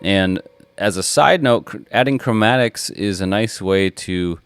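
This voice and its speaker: Low-voiced man teaching guitar over loud playing. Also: unhurried. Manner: patient, counts rhythms aloud while playing. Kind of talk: instructional guitar lesson.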